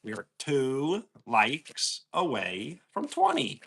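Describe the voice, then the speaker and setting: A man's voice: medium pitch, wildly swooping pitch, takes it slowly, fairly bright tone, breathy edge. A man with a New York accent, chatting casually on a livestream and answering viewers' comments. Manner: easygoing, answers chat questions aloud. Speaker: livestream host.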